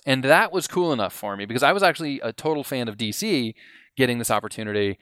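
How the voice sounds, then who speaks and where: A man telling a long story on a podcast in a casual, animated way, acting out what others said and laughing as he goes. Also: mid-range voice, fast, no echo, studio quality. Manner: animated, acts out quotes, laughs mid-story.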